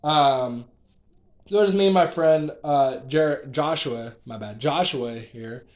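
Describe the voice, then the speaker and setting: A man casually recounting his dreams as a vlogger, rambling and excitable, with many fillers and restarts. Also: mid-range voice, slow pace.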